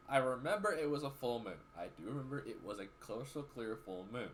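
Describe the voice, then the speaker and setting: A man's voice: medium pitch, expressive, brisk, a little hiss or hum. A man hosting a reaction video, chatting casually in a laid-back, easily amused way. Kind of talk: casual chat.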